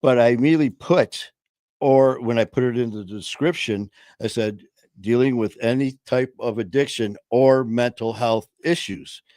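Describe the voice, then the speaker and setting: A man hosts a casual streamed talk show and tells stories in a loose, rambling way. He pads his talk with fillers, swears now and then, and laughs along at his own tales. His voice sits at an ordinary pitch for a man, recorded close and dry. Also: moderate pace, darkish tone, no echo. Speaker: podcast host. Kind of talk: casual storytelling chat. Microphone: home streaming setup.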